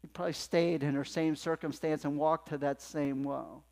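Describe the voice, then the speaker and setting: A male pastor delivers a sermon with emphatic preaching, dropping to a hush and then rising to loud passages. His voice sits somewhat high for a man. The sound carries a long hall reverb from the church sanctuary. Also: flat delivery, normal speed, vocal fry.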